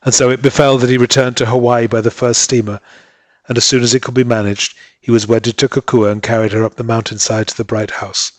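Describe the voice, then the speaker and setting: A man narrating a classic story in a measured, steady reading. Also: mid-range voice, no echo.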